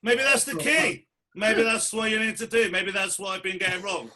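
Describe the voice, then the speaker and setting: A man co-hosting a podcast, telling stories in a casual, sweary, animated way. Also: high voice, moderate pace. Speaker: podcast co-host. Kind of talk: casual chat.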